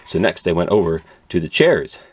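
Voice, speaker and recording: A man's voice: deep voice, sing-song, normal speed, husky. A man telling a children's story at a library in a playful read-aloud manner with sound effects.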